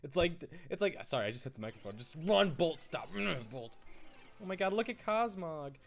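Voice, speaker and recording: Excitable, animated young-sounding man gaming. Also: on the high side, normal speed, soft background music. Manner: excitable, rambling, stammering restarts. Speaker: gaming YouTuber. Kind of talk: casual let's-play commentary.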